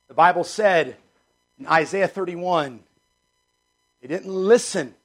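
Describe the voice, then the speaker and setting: A middle-aged male pastor preaching a sermon, emphatic and repetitive, swinging between loud declarations and hushed asides. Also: high voice, slow pace, pauses often.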